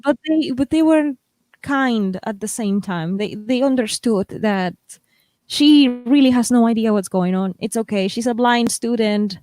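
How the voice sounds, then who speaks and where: A woman hosting a casual chat, telling stories in an animated way and jumping in quickly. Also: on the high side. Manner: animated storyteller, quick to jump in. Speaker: host.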